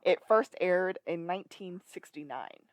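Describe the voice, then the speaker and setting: A woman's voice: on the low side, lively intonation, measured pace, dry recording. A woman co-hosting a podcast, filling in plot details in a matter-of-fact, casual way. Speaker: podcast co-host. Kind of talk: casual chat recapping a show.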